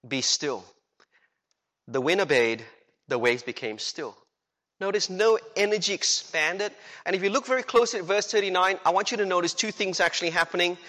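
A man preaching a sermon as a pastor, animated and full of rhetorical questions, acting out the quotes he tells. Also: a little high. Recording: long hall reverb.

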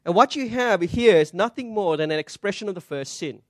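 A man's voice: sits high, expressive, a little fast, no echo, studio quality. A man preaching a sermon to his congregation, telling stories and asking rhetorical questions. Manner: storytelling preacher, quoting voices, rhetorical questions. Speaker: pastor. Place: church.

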